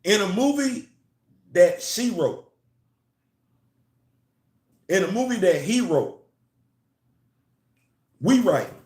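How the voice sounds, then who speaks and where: A man's voice: high voice, sing-song, takes it slowly, pauses often, darkish tone, roomy sound. A man giving a casual, emphatic opinion vlog on comics and culture, repeating his phrases to drive points home.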